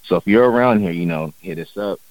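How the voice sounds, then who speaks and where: A man's voice: fairly low pitch, brisk, no room sound, lo-fi sound. A man guesting on an interview as a musician, talking in a laid-back, casual way with loose slang and lots of fillers.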